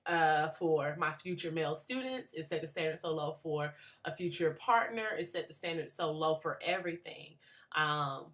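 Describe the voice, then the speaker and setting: Speaking at normal speed in a low, expressive, slightly bright voice, this woman in her late twenties reflects thoughtfully on a book for her class. The grad student is sincere, frequently stopping to begin her thoughts again.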